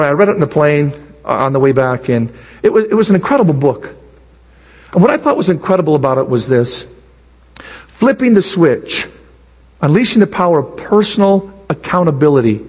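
An older man preaching a sermon, animated, swinging from low quiet asides to high excited bursts. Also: slightly rough, big-room sound. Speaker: pastor.

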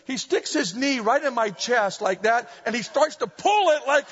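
A middle-aged man preaching a sermon, animated and full of humorous storytelling, recorded in a church hall. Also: extremely high pitch, moderate pace. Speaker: pastor. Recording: dull echoey hall recording.

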